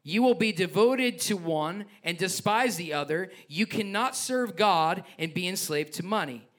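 Pastor preaching, higher voice, bright and sharp, gets passionate and jokey. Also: male voice, lively intonation, a little slow. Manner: passionate, joking asides, reads scripture aloud. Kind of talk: sermon.

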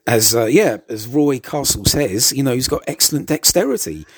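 A man's voice: mid-range voice, animated, normal speed, slightly rough, dry recording. A man giving casual, hesitant commentary over an old TV show, stammering and adding chuckling asides.

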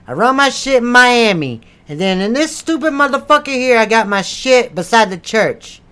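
A man's voice: extremely high pitch, sing-song, moderate pace, bright, forceful tone, clear, resonant tone, exaggerated voice. A man voicing a crude, foul-mouthed southern preacher with a Southern US accent, brash and defensive in an improvised comedy bit.

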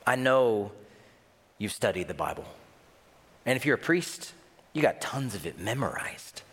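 A man voicing God as deep, compassionate, firm and tender, speaking slowly and intimately. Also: very animated, slightly rough, in a large hall, exaggerated voice. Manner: slow, soft and intimate.

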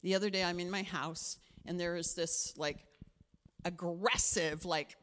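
A woman's voice: fairly low pitch, a little slow. A middle-aged woman pastor giving a conversational sermon, telling a personal story and acting out the voices in it. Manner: animated storytelling with acted-out quotes.

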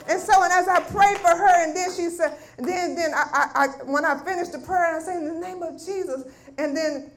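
A middle-aged woman giving a spoken testimony at a ministry meeting, telling a story with lively acted-out quotes. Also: very high voice, fairly quick. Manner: animated storytelling, acting out voices of family members. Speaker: guest speaker at a women's ministry meeting. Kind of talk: testimony preaching.

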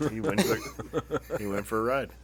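Amid crowd noise, a man from the Phoenix, Arizona area tells rowdy stories to his friends in a fairly low voice at a moderate pace. He swears a lot and laughs through his own tales.

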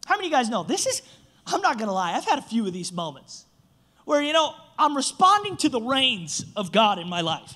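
A man's voice: very high-pitched, very animated, fairly quick, pushed and bright. A young man, a church pastor, preaching a sermon and telling a self-mocking funny story.

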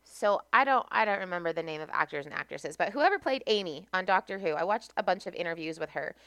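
A woman's voice: fairly low pitch, expressive, fast, fairly bright tone, clean tone, no echo. A young American woman, a podcast guest, telling stories from her life in a chatty way and laughing often. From United States. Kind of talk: casual podcast conversation.

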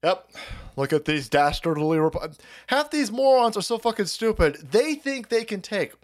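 Pitched high and expressive at a moderate pace, a podcast host in his thirties rants about politics on his stream. He is foul-mouthed and mocking and often slips into silly voices.

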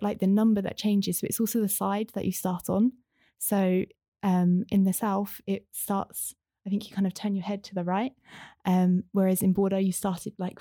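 A woman's voice: medium pitch, warm tone, no room sound, studio quality. A young woman in casual conversation, talking in a chatty, rambling way with many fillers. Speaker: interview guest, former language student.

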